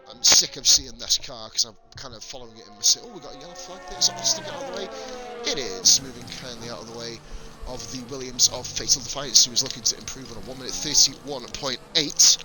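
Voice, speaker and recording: A man from northern England, whose accent carries a Welsh mix, commentates a sim race on a live stream, bantering with viewers and swearing freely. His voice is medium in pitch, and the audio is poor.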